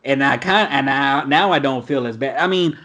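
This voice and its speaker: A man's voice: mid-range voice, normal speed, pushed and bright. A man hosting a casual podcast over a video call, reading an article aloud and reacting bluntly with profanity. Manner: blunt, profane, laughs often. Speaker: podcast host.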